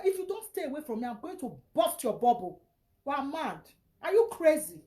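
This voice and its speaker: High-pitched, scolding Nigerian woman. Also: very animated, brisk, a little mellow. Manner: scolding, insulting, repeats herself. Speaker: vlogger. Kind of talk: angry social media rant.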